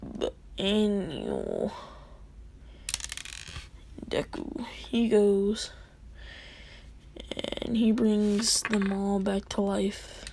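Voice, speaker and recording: A woman's voice: mid-range voice, very animated, extremely slow, vocal fry, long pauses, background noise. Rambling, slangy woman storyteller. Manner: rambling, slangy narration with fillers. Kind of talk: casual storytelling of a fan scenario.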